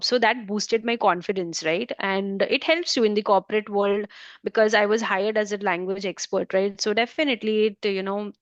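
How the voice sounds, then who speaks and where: An Indian woman with an Indian accent talks through interview answers, rambling with many fillers and restarts. Her voice sits at a middle pitch, recorded dry and a little dull. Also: fairly even intonation, normal speed, no room sound. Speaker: guest, German language trainer.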